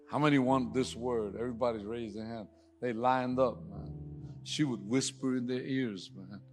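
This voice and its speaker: A man preaching and praying, who jokes casually, says "man" a lot, then rises to loud, fervent prayer. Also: medium pitch. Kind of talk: sermon and prayer.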